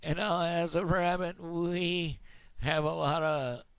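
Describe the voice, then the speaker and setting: A man doing a high folksy rabbit. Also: steady tone, takes it slowly, noisy background. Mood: chatty. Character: chatty homely rabbit.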